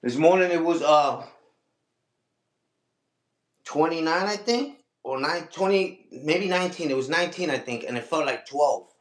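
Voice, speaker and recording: High-voiced man ranting on a livestream. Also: normal speed, long pauses, reverberant. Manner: repeats catchphrases, talks back to critics. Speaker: livestream host. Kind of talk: casual livestream rant.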